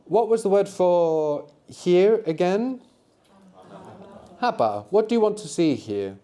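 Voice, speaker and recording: Mellow-voiced male language teacher. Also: sits high, sing-song, slow pace. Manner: patient, prompting students with questions. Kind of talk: live classroom language workshop. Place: lecture room at a university.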